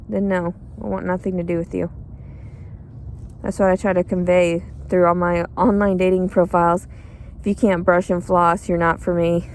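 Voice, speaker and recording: A woman's voice: on the low side, little pitch movement, normal speed, a little mellow, slight background noise. A tired, cranky woman rambling in a bitter, crude, profane monologue outdoors. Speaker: pregnant homeless woman.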